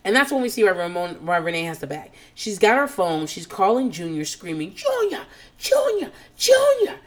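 A woman talks fast and loose as she recaps the drama, swearing often and calling herself a nervous person. She swings from low muttering asides to high, squealing mock quotes of the people she describes. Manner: animated, profane, jumps into squealing mock quotes; calls herself nervous and on edge. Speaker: podcast host recapping a reality show. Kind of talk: casual chat.

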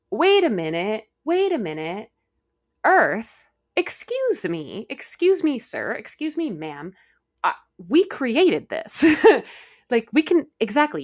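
A young woman co-hosting a casual podcast, talking excitedly about spirituality, with sudden high, loud bursts. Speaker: podcast co-host.

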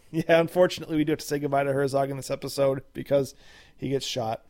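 A man's voice: medium pitch, fairly even intonation, fast, darkish tone. A man co-hosting a podcast, recapping a TV episode in casual chat with lots of fillers and restarts.

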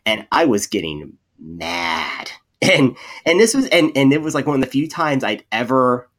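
A man's voice: fairly high pitch, normal speed, vocal fry. Rambling man on a podcast. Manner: rambling, many restarts and repeated words; animated storyteller, acts out quoted people. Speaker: podcast co-host. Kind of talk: casual podcast chat.

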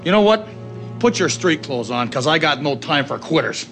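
An actor playing a tough, furious male hockey coach who yells at his players in a film scene, with music behind. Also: a little high, lively intonation, normal speed. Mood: angry. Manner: yelling, harsh, berating.

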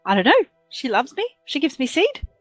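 A woman's voice: high voice, wildly swooping pitch, moderate pace, no room sound, soft background music. A woman voicing a cheerful, chatty little squirrel that talks in short, chirpy sentences.

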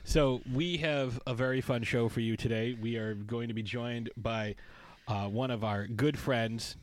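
A man's voice: mid-range voice, fairly even intonation, a little slow, slight background noise. A man co-hosting a podcast, talking in a playful, joking, rambling way. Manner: playful, jokey, rambling asides. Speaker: podcast co-host. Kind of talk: casual podcast banter.

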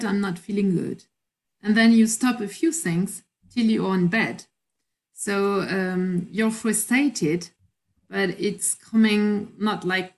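Halting middle-aged woman recounting her illness. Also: medium pitch. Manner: halting, searching for words. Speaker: interview guest. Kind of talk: personal account in conversation.

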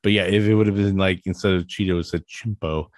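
A man's voice: low voice, steady tone, fast, dry recording, studio quality. A man co-hosting a podcast in casual chat, rambling and hesitant, restarting his thoughts often. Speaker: podcast co-host.

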